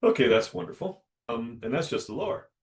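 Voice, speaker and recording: A man, a dentist hosting a podcast, telling a story alone and acting out the dialogue with lively shifts of voice. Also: medium pitch, a little fast, creaky. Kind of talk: solo storytelling monologue.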